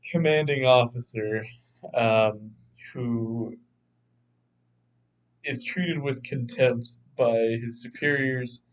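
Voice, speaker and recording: A man's voice: mid-range voice, rough recording. A man co-hosting a film podcast, chatting casually, rambling and laughing as he talks. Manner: rambling, laughs often, acts out quotes. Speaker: podcast co-host. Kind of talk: casual chat.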